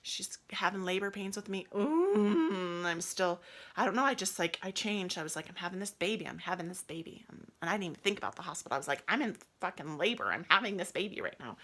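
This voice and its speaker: A young adult woman telling her own birth story with feeling, acting out what was said and dropping to soft whispers. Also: lowish voice. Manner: animated, acts out quotes, swings to soft whispers. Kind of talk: emotional personal storytelling.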